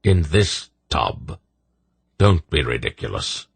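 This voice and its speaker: A man voicing a gruff, sarcastic old sorcerer in an audiobook. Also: rumbling low, big pitch swings, slow pace, no room sound, full character voice. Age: older.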